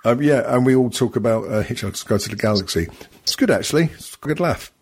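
A man's voice: mid-range voice, expressive, fast, background noise. A man co-hosting a podcast, chatting casually, swearing often, rambling and laughing a lot. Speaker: podcast co-host. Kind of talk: casual banter.

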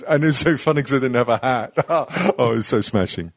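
A man's voice: medium pitch, fast talker, gravelly, no echo. A man hosting a podcast, rambling and swearing freely with self-mocking humour. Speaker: podcast host. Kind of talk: casual podcast chat.

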